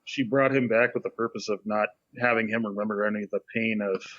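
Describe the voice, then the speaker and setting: A man co-hosting a podcast, chatting casually and slowly, thinking aloud with many fillers. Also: fairly low pitch, fairly even intonation, fairly bright tone, no echo, dull audio. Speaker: podcast co-host. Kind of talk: casual chat.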